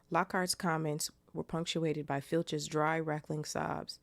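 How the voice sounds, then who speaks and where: A woman's voice: low-pitched, level tone, slow, creaky, few pauses, dry recording. A woman hosting a casual book reaction podcast, chatting in slang and reading the chapter aloud. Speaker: podcast host.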